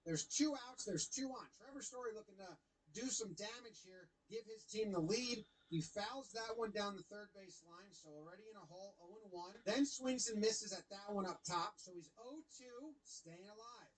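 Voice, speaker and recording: A young man casually commentating baseball highlights, animated and playfully mocking the umpire. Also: normal speed, low-quality recording.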